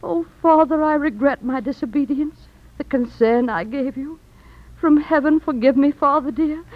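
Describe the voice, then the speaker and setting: An actress playing an earnest young daughter who speaks in a tearful, pleading way, in vintage stage-play style. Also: female voice, high-pitched, moderate pace, close to an everyday voice. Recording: muffled lo-fi old recording.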